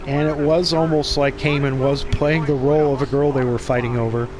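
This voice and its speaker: A man hosting a gaming channel rambles through casual, profane gameplay commentary, chuckling often. His mid-range voice is delivered flatly and briskly.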